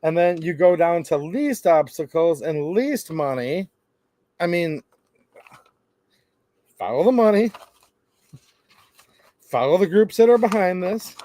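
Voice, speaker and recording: Middle-aged male commentator, animated and sarcastic, dry close mic. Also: high-pitched, takes it slowly, long pauses, no echo. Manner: animated, sarcastic asides, acts out quoted people. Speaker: gun-rights channel host. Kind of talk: opinionated commentary.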